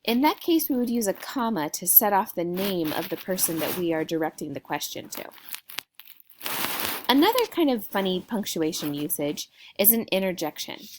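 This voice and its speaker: A woman teacher explaining a grammar lesson to young students in a clear, patient way. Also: mid-range voice, very animated, moderate pace, background noise.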